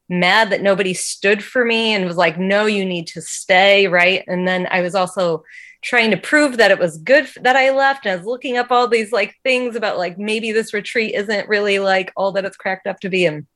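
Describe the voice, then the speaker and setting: A woman's voice: mid-range voice, fairly bright tone. A woman guest telling a personal faith story in an earnest, emotional way, with lots of casual "like" fillers. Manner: casual, heavy use of "like" fillers. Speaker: interview guest.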